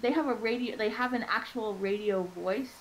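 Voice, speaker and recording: A woman's voice: a little high, normal speed, slight background noise, rough recording. A woman chatting casually on a home stream, rambling with lots of fillers. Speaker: stream host. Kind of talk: casual chat.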